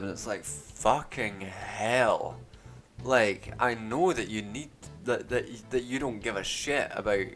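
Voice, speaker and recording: A young man rambling on a live stream, sardonic and profane, halting and restarting often. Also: mid-range voice, a bit bright. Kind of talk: casual rambling stream chat.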